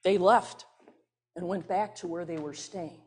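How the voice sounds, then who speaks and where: A woman pastor preaching a sermon, retelling a Bible story expressively and dropping into soft near-whispers. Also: on the low side, measured pace, breathy edge.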